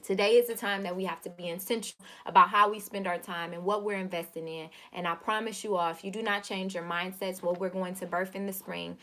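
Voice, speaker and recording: A woman's voice: medium pitch, fairly even intonation, fairly quick, hardly any pauses, sharp tone. A woman in her thirties hosting a casual live video, earnest and repetitive, often saying y'all. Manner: earnest, repeats herself, says y'all. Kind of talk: casual live-stream talk.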